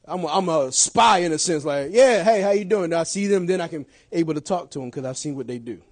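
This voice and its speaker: A middle-aged man preaching a sermon, swinging from shouted lines to quiet asides and laughing often. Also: fairly high pitch, fast.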